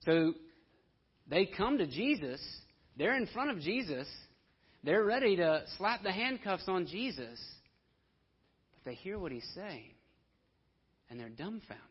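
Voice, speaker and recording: Husky-voiced man preaching a sermon. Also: high voice, very animated, measured pace, pauses often. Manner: conversational preaching, acting out quoted voices. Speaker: pastor. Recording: dull lo-fi audio.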